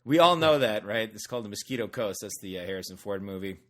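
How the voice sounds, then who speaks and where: A man's voice: lowish voice, expressive, fast talker. A man co-hosting a podcast in casual chat, joking and rambling. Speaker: podcast co-host. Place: Vancouver.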